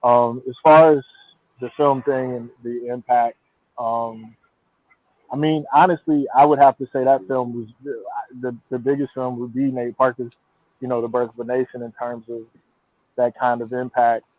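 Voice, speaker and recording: A man's voice: medium pitch, level tone, normal speed, no room sound. Apologetic man on a tinny line. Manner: apologetic, hesitant. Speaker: panelist. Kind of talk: online panel discussion.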